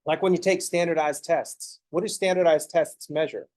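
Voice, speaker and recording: Guy professor teaching class, kinda high voice, dry sound, jokes around a lot. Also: fairly even intonation, normal speed, darkish tone, no room sound. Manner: joking, conversational, acts out students' thinking noises. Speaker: math professor. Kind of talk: classroom lecture.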